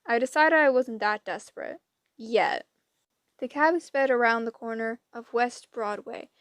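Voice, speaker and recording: Slow-reading woman narrating an audiobook. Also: on the high side, dry recording. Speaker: audiobook reader. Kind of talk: first-person audiobook narration.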